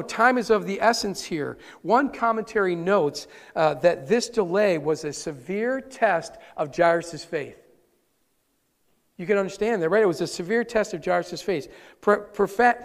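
A man preaching a sermon as pastor, earnest and conversational, talking straight to his congregation. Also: sits high. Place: church sanctuary. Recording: long reverb of a large hall.

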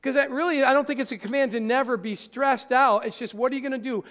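A man preaching a sermon as pastor, animated and often asking the audience questions. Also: very high-pitched, fast. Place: church sanctuary. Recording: church hall with long reverb.

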